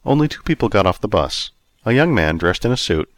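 A male storyteller narrates in a low voice that moves expressively up and down. He reads close to the mic, with a dry, dead-sounding room and no echo. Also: fairly quick. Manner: expressive, acts out every character.

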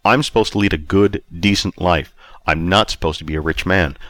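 A man's voice: sits low, brisk, fairly bright tone, no echo. A man narrating a first-person story aloud in a wry, self-mocking way. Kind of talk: audiobook reading.

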